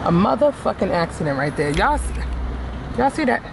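A woman's voice: mid-range voice, big pitch swings, a little fast, gravelly, background noise. Woman, casual vlog, chatty, rambling, talks to phone in a car. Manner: chatty, rambling, addresses viewers as y'all. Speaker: vlogger.

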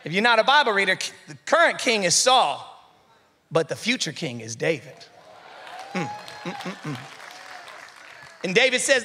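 A man's voice: sits high, big pitch swings, measured pace, long pauses, sharp tone, breathy edge, a faint crowd. A male pastor preaching a sermon, exhorting the congregation in a fervent, conversational way that builds to emphatic peaks. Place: church hall. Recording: live sermon in a reverberant church hall.

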